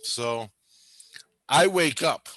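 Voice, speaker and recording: A man's voice: mid-range voice, expressive, very slow, a bit bright, dry recording. A man telling a rambling, profane story in casual chat, laughing often.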